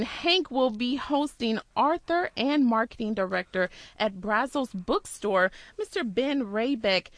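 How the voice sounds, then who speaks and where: A woman's voice: a little high, dry recording. A woman co-hosting a storytelling radio show, making upbeat announcements. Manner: upbeat and promotional. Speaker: co-host.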